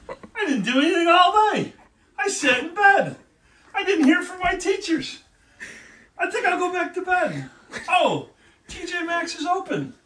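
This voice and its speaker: A lazy, spoiled college girl , put on by a dad whines in a squeaky, very high voice, with bright, sharp edges. It sounds echoey and distant, like a phone recording from across a room. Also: full character voice. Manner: whiny, exaggerated girly voice. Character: lazy spoiled college daughter, young woman. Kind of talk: comedic impression. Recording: echoey room, far from mic.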